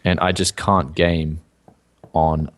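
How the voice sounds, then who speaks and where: A man's voice: extremely low pitch, level tone, slow. A man co-hosting a casual tech news show, laid-back and rambling, filling gaps with "yeah". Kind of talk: casual tech podcast chat.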